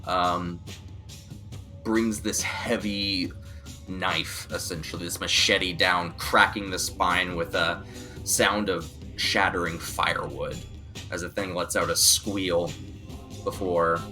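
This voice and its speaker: Man, game master, deep voice, slow pace, vivid narration. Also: pushed and bright. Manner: vivid descriptive narration with fillers.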